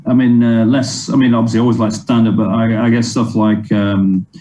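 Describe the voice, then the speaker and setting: A man's voice: mid-range voice, flat delivery, fairly quick, a crowd in the background. A man from England, a comedian guest in an interview, answering hesitantly with many ums and restarts. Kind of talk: casual interview chat.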